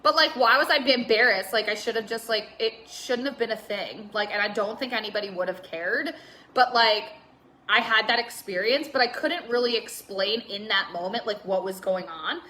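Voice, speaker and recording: A woman's voice: a little high, normal speed, pushed and bright, slight background noise. A young woman talking candidly on a live stream, rambling with lots of filler words and some swearing. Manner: reads out viewer comments. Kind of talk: casual Facebook Live chat.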